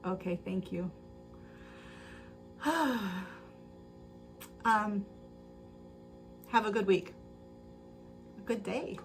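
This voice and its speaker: A woman's voice: mid-range voice, steady tone, extremely slow, gravelly, long pauses, soft background music. A woman hosting a sewing livestream. She chats casually and rambles, uses lots of fillers, and laughs often. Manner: rambling storyteller with filler words. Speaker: livestream host. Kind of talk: casual chat while sewing.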